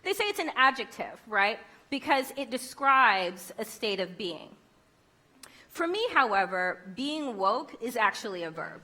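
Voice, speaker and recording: Bright-voiced woman giving an emphatic keynote. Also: mid-range voice, big pitch swings, measured pace. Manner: emphatic and rhetorical, with wry humor. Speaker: keynote speaker. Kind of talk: conference keynote speech.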